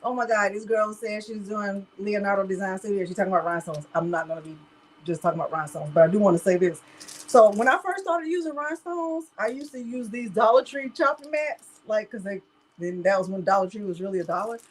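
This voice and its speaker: A woman's voice: mid-range voice, fast, poor audio. A woman hosting a live crafting tutorial, chatting casually and talking straight to her viewers. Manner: chatty, talks straight to viewers as "y'all", laughs often. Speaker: crafting livestream host.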